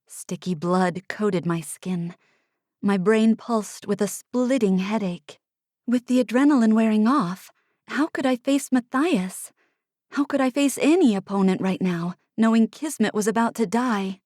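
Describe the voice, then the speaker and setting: A woman's voice: medium pitch, unhurried, no echo. Dry, close woman audiobook narrator. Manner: hushed, drops to unvoiced whispers in tense passages. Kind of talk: first-person fantasy audiobook narration. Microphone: close studio mic.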